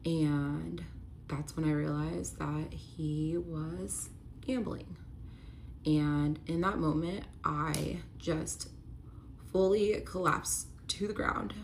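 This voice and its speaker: A woman's voice: sits low, steady tone, very slow, vocal fry, a little hiss or hum. A young woman candidly telling a personal storytime, confessional and at times emotional.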